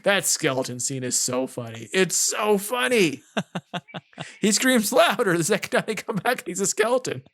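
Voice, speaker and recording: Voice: medium pitch, sing-song, normal speed, fairly bright tone. A podcast co-host in casual film chat, talking animatedly, often laughing and slipping into mock voices.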